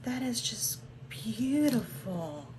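An older Southern woman hosts a crafting channel unboxing vlog from her home craft room, gushing with gasps and breathless exclamations. Her voice is a little high and very animated, yet she takes it slowly. The home recording carries background noise.

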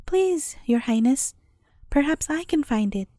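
A woman's voice: sits high, lively intonation, measured pace, dark tone, dry recording, studio quality. A woman voicing an earnest, simple-hearted young man, eager and proud, in a storybook tale.

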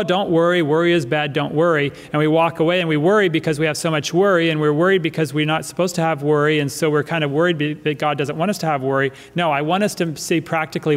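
A male pastor preaching a sermon in a church, emphatic and fond of repeating his key phrases. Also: on the high side. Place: church sanctuary. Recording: church hall reverb.

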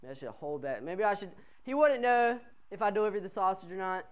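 Animated young man telling a comic story. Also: high-pitched, fairly quick, clear, resonant tone, dull audio. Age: young adult. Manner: animated, chatty, asks the crowd for replies. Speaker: college cadet telling a story.

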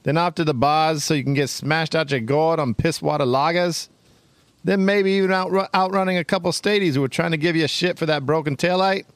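A man voicing a brash, crude male car-lot pitchman in a put-on Boston accent with a touch of Irish, in a pushy sales patter. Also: fairly even intonation, brisk, clear, resonant tone, dry recording, lightly acted. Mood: hard-sell. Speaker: podcast co-host.

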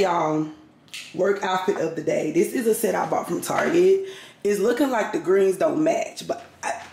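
Gravelly chatty woman vlogging. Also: low voice, darkish tone. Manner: chatty, rambling, talks to viewers as y'all. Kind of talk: casual vlog chat. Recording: echoey room with clear background noise.

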